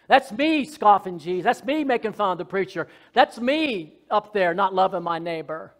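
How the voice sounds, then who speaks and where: A man preaches a sermon in a high, fervent voice. He is folksy and joking, drops to soft asides, then rises to loud shouted lines. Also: lively intonation, normal speed. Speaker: pastor.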